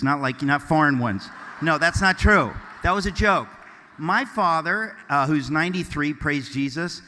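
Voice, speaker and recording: Bright-voiced man joking to a hall. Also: on the high side. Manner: deadpan mock-offensive jokes, then earnest and rambling. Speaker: keynote speaker. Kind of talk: joking, loose speech to a live audience. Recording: long hall reverb.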